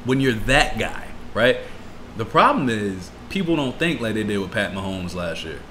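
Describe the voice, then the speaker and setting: A lively man with a fairly low voice talks sports with a friend on a podcast. He swears freely and laughs often. A faint hiss of noise sits under the recording. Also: normal speed. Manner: animated, profane, laughs often. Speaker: podcast co-host. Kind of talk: casual chat.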